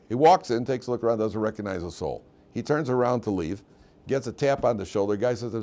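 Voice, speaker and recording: A man, a rabbi, teaching a weekly class in an animated storytelling manner, often restarting and repeating words. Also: medium pitch, quick pace. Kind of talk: storytelling lecture. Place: yeshiva classroom.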